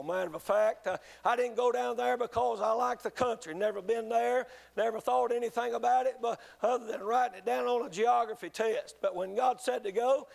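High gravelly preacher man. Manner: earnest, halting testimony with many restarts. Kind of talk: sermon storytelling.

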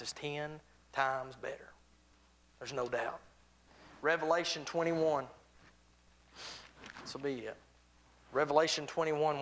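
A man's voice: on the high side, fairly bright tone. A man preaching a sermon in church, reading King James scripture aloud and repeating phrases for emphasis, then leading a prayer. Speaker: visiting preacher. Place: church service.

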